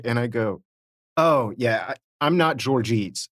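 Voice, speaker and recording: Middle-aged man, husky, podcast co-host; casual, self-mocking storyteller who voices the people in his tales; dry close mic. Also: medium pitch, animated, moderate pace, a bit bright, dry recording. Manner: self-deprecating storyteller, acts out quoted voices. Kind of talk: casual chat, telling anecdotes.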